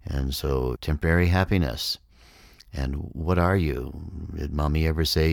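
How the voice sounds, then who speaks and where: Super deep voice guy, calm spiritual talk, dry close sound. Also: creaky, no echo. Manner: measured, explanatory, acts out inner voices. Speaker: speaker on consciousness.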